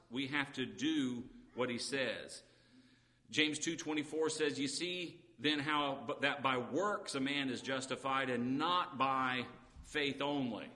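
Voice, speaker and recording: A man with a fairly high, sharp voice preaches an earnest sermon, reading scripture aloud between his own explanations and often saying "uh." The recording carries long reverb and faint background noise.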